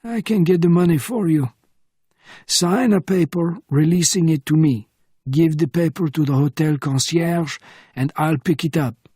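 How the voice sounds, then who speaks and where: A man reading a seventy-year-old Frenchman, raising his voice and slowing down, with a slightly husky tone. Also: fairly high pitch, mellow, dry recording, clean studio sound, voice pushed up. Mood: wry. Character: older Frenchman, fussy, dry wit.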